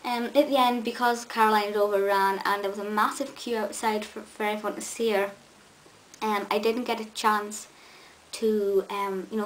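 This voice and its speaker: A woman's voice: mid-range voice, fairly bright tone, poor audio. Gushing young woman, faint hiss. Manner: gushing, chatty, with many ums and restarts. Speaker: vlogger. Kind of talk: casual chat to camera.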